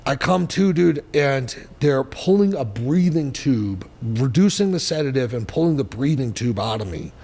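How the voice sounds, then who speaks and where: A man in his forties telling his story as a podcast guest, in a blunt, profane and animated way. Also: mid-range voice, normal speed, few pauses, in a large hall. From New Hampshire, US. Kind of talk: storytelling interview.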